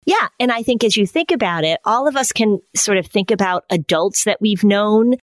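A woman's voice: medium pitch, expressive, normal speed, no room sound. A woman in her fifties co-hosting a podcast, who talks thoughtfully and keeps asking her guest questions. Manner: inquisitive, thoughtful, asks follow-up questions. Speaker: podcast co-host. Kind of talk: casual conversation.

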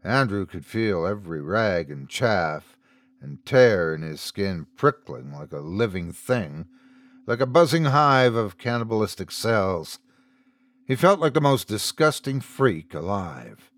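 A man narrating a scripted horror story as the show's host, reading slowly and dramatically. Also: very animated, no room sound. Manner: slow, dramatic storytelling with wide pitch swings.

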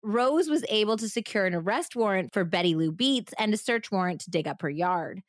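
Female true-crime podcast host, twang, chatty and giggly, mid pitch, dry close mic. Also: expressive, a little fast, no room sound. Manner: casual, laughing often, puts on a Southern drawl for quotes.

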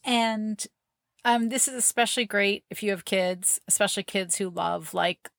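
A woman's voice: mid-range voice, moderate pace, gravelly, fairly bright tone, no echo, clean studio sound. A woman co-hosting a parenting podcast, talking casually and enthusiastically with many fillers and laughs. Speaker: podcast co-host. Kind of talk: casual chat.

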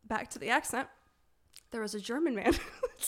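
A woman who is a podcast guest, telling anecdotes in an animated, self-deprecating way. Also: fairly high pitch, normal speed. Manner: animated storyteller, self-deprecating, laughing asides. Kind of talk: casual chat, anecdote telling.

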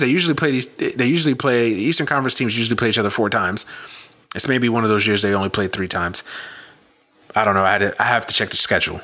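Casting: man, bright voice, lively swooping pitch, profane and emphatic sports rant. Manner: profane, emphatic, repetitive ranting. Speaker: sports commentator.

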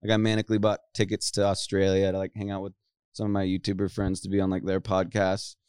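A young man with a lowish, smooth voice rambles through a casual podcast chat, full of fillers and offhand swearing. The recording is close and dry. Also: completely flat delivery, quick pace, darkish tone, no echo.

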